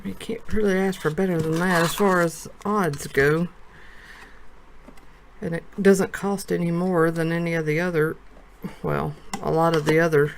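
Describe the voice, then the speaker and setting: A woman from a card shop talking casually as she opens a box of trading cards, thinking aloud, her voice low with early morning. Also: slight background noise. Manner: chatty, thinks aloud while sorting cards.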